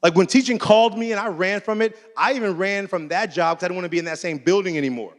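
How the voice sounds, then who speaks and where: Speaking quickly in a high register, this man delivers a keynote built around a personal story told in an easygoing, chatty way. He brings it to life by voicing the dialogue in different characters, with long hall reverb on the recording.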